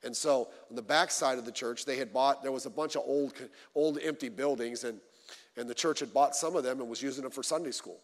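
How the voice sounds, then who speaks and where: A male pastor preaching a sermon, swinging between loud emphatic lines and low quiet asides, telling stories with humor. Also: long reverb tail. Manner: informal storytelling with humor. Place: church.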